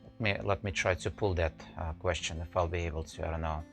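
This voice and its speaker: A man's voice: low voice, steady tone, fast, gravelly, faint music behind, rough recording. A man hosting a live woodcarving stream, chatting to viewers with many fillers and restarts. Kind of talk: casual live-stream chat.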